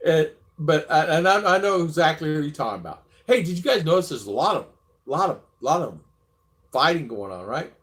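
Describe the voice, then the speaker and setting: Chatty, rambling male vlog host on a live stream, slightly higher voice, reads viewer comments, laughs easily. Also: very animated, fairly quick, a bit bright. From abroad, living in the Philippines. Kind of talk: casual live-stream chat.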